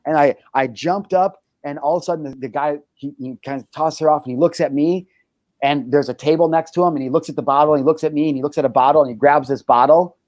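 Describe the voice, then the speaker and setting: A man's voice: a little high, fast talker, no room sound. A man hosting a casual talk show, telling a wild story with lots of swearing and energy. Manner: animated storytelling, heavy swearing. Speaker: host. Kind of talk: casual chat.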